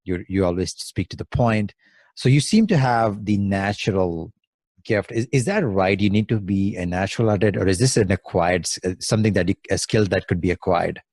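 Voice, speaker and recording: A man's voice: deep voice, moderate pace, a little mellow, dry recording. A man hosting a podcast interview, enthusiastic and stumbling over restarts as he asks questions. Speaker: podcast host. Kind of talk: interview conversation.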